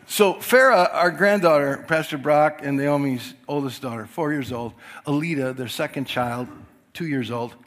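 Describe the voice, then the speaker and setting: A man's voice: on the high side, fairly bright tone. An older man preaching a sermon to his church, chatty and apologetic, laughing as he goes. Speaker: pastor.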